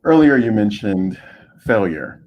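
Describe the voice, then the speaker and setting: A man hosting an interview, asking measured, probing questions. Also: fairly low pitch, big pitch swings, dull audio. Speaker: host.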